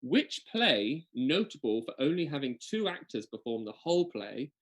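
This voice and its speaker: A man co-hosting an online quiz in a playful, chatty way, reading the questions slowly. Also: mid-range voice, gravelly, a bit bright. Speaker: quiz co-host.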